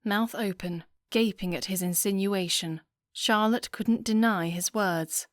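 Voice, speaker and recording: A woman's voice: mid-range voice, measured pace, no room sound. Woman narrating an audiobook, dry sound.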